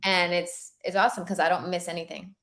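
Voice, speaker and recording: A woman's voice: lowish voice, flat delivery, a little fast, a bit bright. A woman co-hosting a live match watchalong, chatting casually and talking to viewers. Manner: chatty, reacts to live scores, addresses viewers. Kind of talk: casual live-stream chat.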